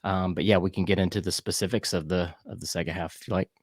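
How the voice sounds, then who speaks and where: Southern guy co-hosting a soccer pod, lowish voice, dry close mic, rambly and laid back. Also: fast, no echo. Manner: relaxed, rambling with fillers and restarts. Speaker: podcast co-host. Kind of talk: casual sports chat.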